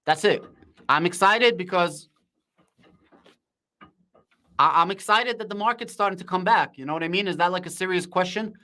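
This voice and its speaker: A man hosting a live stream, shouting with excitement in casual slang and answering viewers' comments. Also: high-pitched, moderate pace, long pauses. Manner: shouting, hyped, slangy, reads chat aloud.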